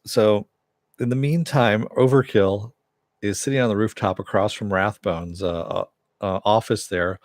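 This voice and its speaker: A man recapping a TV episode in a relaxed way, chuckling often and using many fillers. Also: fairly low pitch, no echo, studio quality. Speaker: TV episode reviewer.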